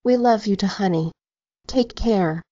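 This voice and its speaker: A woman's voice: medium pitch, measured pace, dark tone, dry recording, lightly acted. A woman voicing an affectionate middle-aged mother in an audiobook. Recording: slightly dull, dry recording.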